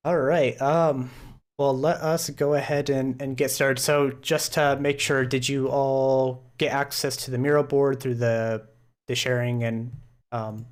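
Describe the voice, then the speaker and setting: A man hosting a casual video-call meeting, relaxed and chatty, laughing easily. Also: mid-range voice, unhurried. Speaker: host.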